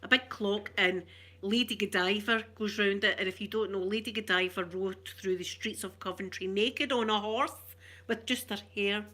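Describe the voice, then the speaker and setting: Middle-aged Glaswegian woman, ASMR stream host, soft rambling chat, bright voice. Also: medium pitch, steady tone, moderate pace. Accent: Glaswegian Scottish. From Glasgow, Scotland. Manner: soft-spoken, rambling, warm chatter with viewers. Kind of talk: chatty ASMR livestream.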